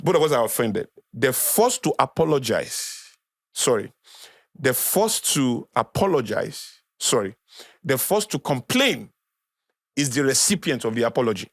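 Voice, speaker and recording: A man's voice: medium pitch, very animated, unhurried, no echo, studio quality. A man with a Nigerian accent, a podcast guest lecturing in a conversational way, repeating key phrases for emphasis. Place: podcast studio.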